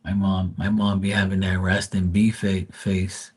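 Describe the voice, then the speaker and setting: A man reads tarot on a casual live stream and drifts into loose, joking chatter full of swearing. His voice is low and slightly husky, and he tells stories in a relaxed, rambling way. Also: a little slow.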